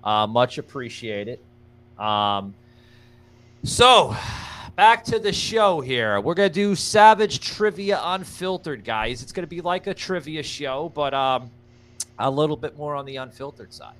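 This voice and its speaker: A man's voice: a little high, expressive, a little slow, a bit bright. A young man hosting a casual livestream show, rambling and thanking viewers by name between many fillers. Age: young adult. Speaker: podcast host.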